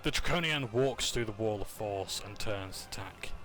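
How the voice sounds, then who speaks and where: Bright-voiced man recapping a tabletop game. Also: on the low side, expressive, moderate pace. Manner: casual, with fillers, jokes and self-corrections. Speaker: player recapping a session.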